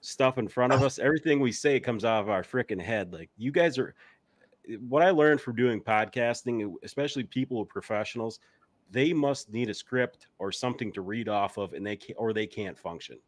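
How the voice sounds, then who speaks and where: A man's voice: medium pitch, normal speed, dry recording. A man with a Wisconsin accent, hosting a podcast and telling rambling stories in blunt, unfiltered casual chat. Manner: blunt, rambling storyteller with frequent cursing. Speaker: podcast host.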